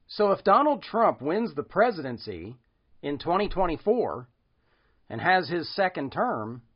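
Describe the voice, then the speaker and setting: A man hosting a Christian video, commenting earnestly on a dream testimony and speaking straight to viewers. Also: on the high side. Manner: earnest, emphatic, addressing viewers directly. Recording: dull, lo-fi sound.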